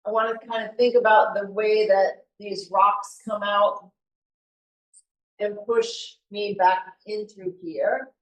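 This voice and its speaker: A woman giving a live painting demonstration to an audience, talking in a relaxed, chatty way and thinking aloud as she works. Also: mid-range voice, slow. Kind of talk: live art demonstration talk. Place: meeting room with an audience. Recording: echoey room recorded from far off.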